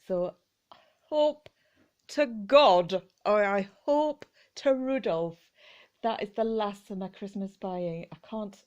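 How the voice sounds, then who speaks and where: A woman chatting casually as she shows off her thrift finds, often dropping into soft whispers and laughing. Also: medium pitch, slow, muffled recording. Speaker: vlogger showing thrift finds. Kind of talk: casual chat.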